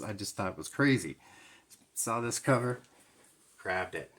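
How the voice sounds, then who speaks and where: A man's voice: on the low side, lively intonation, unhurried, long pauses, fairly bright tone. A man with a Midwestern accent, casually rambling through a comic book haul as a collector, thinking aloud with plenty of fillers. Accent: American Midwest. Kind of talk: casual unscripted video commentary.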